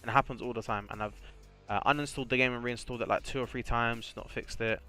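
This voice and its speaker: A man's voice: mid-range voice, steady tone, quick pace, bright, forceful tone, smooth, faint music behind. Chatty English streamer guy. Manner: rambling, chatty, full of fillers. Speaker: streamer and competitive gamer. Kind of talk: casual live-stream chat.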